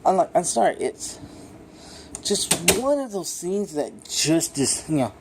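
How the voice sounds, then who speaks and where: Rambling, excitable man reviewing a film. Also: fairly high pitch, measured pace, gravelly, noisy background. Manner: rambling, excitable, swears freely, lots of fillers. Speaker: movie reviewer. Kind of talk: casual unscripted film review.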